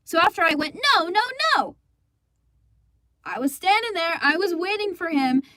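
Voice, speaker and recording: A high-pitched, indignant teenage girl, voiced by a woman rambles through her storytime with exasperation and frequent swearing. The sound is close and dry, like a home booth for a fan comic dub. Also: expressive, moderate pace, pushed and bright, no room sound, exaggerated voice. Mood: exasperated. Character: indignant teenage girl recounting a school play disaster.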